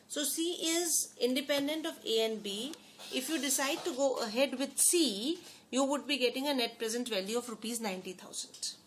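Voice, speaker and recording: A woman gives a lecture to her class in a slightly high voice. She repeats key phrases and keeps asking the students questions. A faint hiss sits under the recording. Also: normal speed. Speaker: teacher.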